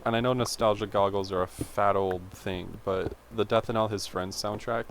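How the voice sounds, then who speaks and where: A man's voice: lowish voice, fairly even intonation, moderate pace, a little hiss or hum. A man in his twenties, a vlogger, telling a rambling personal story in a chatty way, full of fillers and tangents. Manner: chatty, self-interrupting, full of "like".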